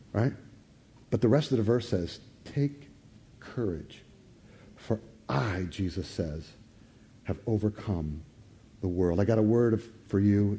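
Husky, animated male preacher. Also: fairly low pitch. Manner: animated, swings from loud to hushed. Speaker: pastor. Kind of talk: sermon.

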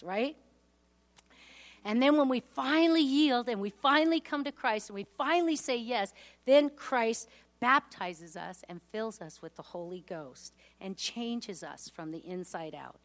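A woman giving an earnest, heartfelt personal testimony in a sermon. She reads scripture aloud, and her voice drops low on painful memories. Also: animated, a little slow.

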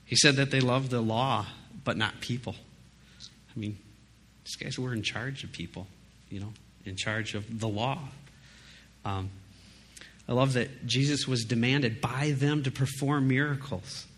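A man's voice: mid-range voice, steady tone, a little slow, a bit bright, slight background noise. A man giving a casual, emphatic sermon, talking conversationally with frequent asides to his listeners. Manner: conversational, emphatic, frequent "you know" and "right?". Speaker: preacher.

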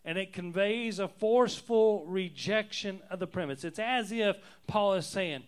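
A man preaching an expository sermon as pastor, stressing words and repeating them, growing fervent and loud. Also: sits high, unhurried, hardly any pauses, clean tone. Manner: builds from calm teaching to fervent, near-shouting preaching.

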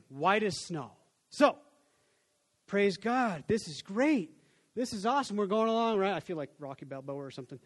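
A man gives a relaxed, conversational sermon as a pastor. His voice sits high for a man, and he often stumbles and restarts. He slips into the inner voices of the people he describes. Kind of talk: casual sermon with props.

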